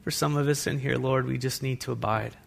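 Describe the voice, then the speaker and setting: A man preaching a sermon as pastor to a congregation in a church, animated, with asides to the listeners. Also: mid-range voice, a little fast, creaky.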